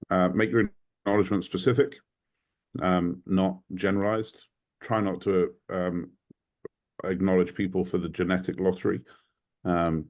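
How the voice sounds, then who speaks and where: A man's voice: low-pitched, a little mellow. A British man sharing advice on a video call, talking animatedly with many ums and likes. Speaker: community member sharing advice. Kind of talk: casual video call chat.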